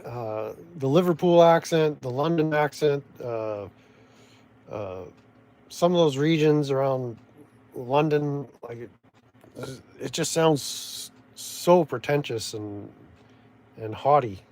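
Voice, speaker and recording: A man with a Canadian accent talking in a loose, meandering vlog style. His delivery is dry and sardonic, full of restarts and half-finished thoughts, at a mid-range pitch. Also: slow pace, a little mellow. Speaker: vlogger. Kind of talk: rambling casual commentary.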